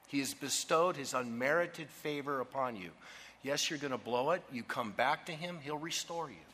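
A man preaches forcefully, his bright, medium-pitched voice ringing at a moderate pace through a large hall with long reverb. He stresses his points emphatically and repeatedly asks the congregation to fill in the ends of his phrases.

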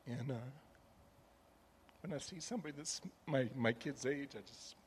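Soft-spoken middle-aged man, halting. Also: medium pitch, slight background noise. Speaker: group member sharing a testimony. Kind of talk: heartfelt personal sharing.

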